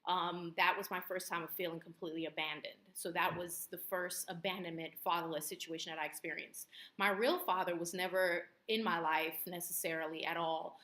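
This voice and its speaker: An earnest woman guest speaks reflectively, with many fillers. Her voice sits a little low, bright and forceful. The room adds an echo. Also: level tone, brisk. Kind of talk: casual interview.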